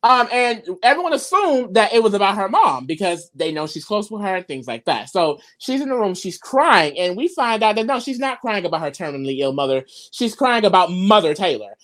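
She talks fairly quickly with few pauses, her pitch medium, as she co-hosts a casual recap chat. The storytelling is animated and profane, packed with gossip and quotes she acts out.

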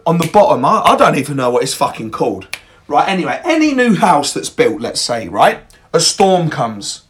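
Young man, podcast host, motivational monologue, emphatic, swears a lot, fairly high voice.

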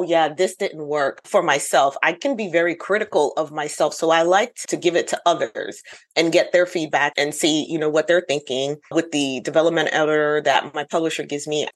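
A middle-aged woman author speaking thoughtfully and earnestly in a casual interview, laughing easily. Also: sits low. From United States. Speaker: author guest.

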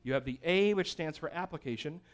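A man teaching a Bible study class, energetic and often checking in with his listeners. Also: a little high, brisk.

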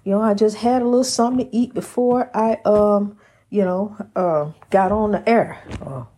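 A woman's voice: medium pitch, fairly even intonation, normal speed, warm tone, husky. A woman hosting a Christian inspirational program, speaking in a folksy, down-to-earth way, calling listeners honey and repeating phrases with preacher-like emphasis. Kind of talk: casual spoken devotional message.

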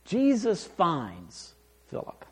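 A man preaching a sermon, reading scripture aloud and explaining it with emphatic, animated delivery. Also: sits high, extremely slow, breathy edge. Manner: animated, rising and falling for emphasis, acts out quoted lines.

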